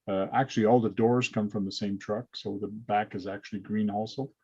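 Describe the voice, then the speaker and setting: A man's voice: fairly low pitch, steady tone, a little fast, gravelly, darkish tone, slightly rough. A man hosting a casual hobby livestream, explaining things step by step with plenty of uh's over a video call. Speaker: host. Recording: lo-fi dull sound.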